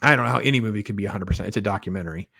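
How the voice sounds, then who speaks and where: A man's voice: on the low side, very fast, gravelly, pushed and bright, no echo. Blunt man rambling through a movie review. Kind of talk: casual spoiler review monologue.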